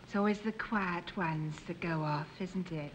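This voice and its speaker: A woman's voice: fairly low pitch, unhurried, natural voice. An actress playing a flirtatious, man-hungry widow on a cruise, who speaks in a coy, purring way, in a 1950s radio comedy. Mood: flirting. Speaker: flirtatious passenger. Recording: muffled old radio recording with loud hiss.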